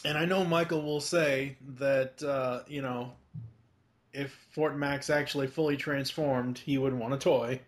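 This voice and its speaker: A man's voice: mid-range voice, fairly even intonation, a little slow. A man co-hosting a podcast, chatting casually about a cartoon, rambling with lots of fillers, restarts and the odd swear. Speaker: podcast co-host. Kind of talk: casual chat.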